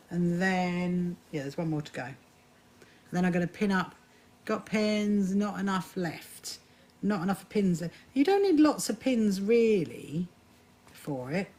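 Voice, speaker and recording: Her voice leans low with a darkish tone as she runs a relaxed live stream about sewing. Captured through a phone or camera, she chats away, greets viewers by name, and frequently starts sentences over.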